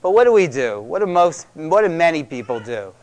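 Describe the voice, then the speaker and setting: A man's voice: a little high, big pitch swings, brisk. A middle-aged man speaking to a live audience about parenting, conversational and emphatic, repeating key words for stress.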